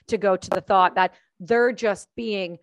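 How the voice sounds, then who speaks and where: A woman from Canada hosting a conversational interview, earnest and animated as she thinks aloud. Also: mid-range voice, a little slow, background noise. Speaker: podcast host.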